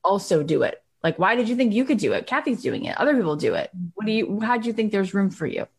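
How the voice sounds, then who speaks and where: A middle-aged woman hosting a motivational podcast, telling stories in an animated, emphatic way. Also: medium pitch, fast, slightly rough. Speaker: podcast host.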